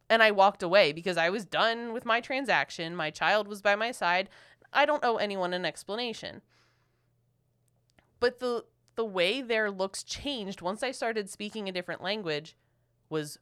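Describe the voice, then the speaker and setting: A woman from Philadelphia co-hosting a marriage podcast, telling a story in an animated way and acting out what people said. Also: mid-range voice, smooth. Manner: animated, quotes people in lively voices. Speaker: podcast co-host. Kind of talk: casual storytelling chat.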